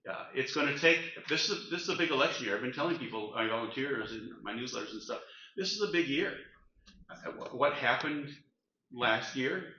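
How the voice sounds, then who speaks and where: A man's voice: mid-range voice, animated, brisk, bright, forceful tone, slight background noise. An older man speaking earnestly as a panelist at a community event, rallying the room. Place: meeting room. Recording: roomy, dull event recording.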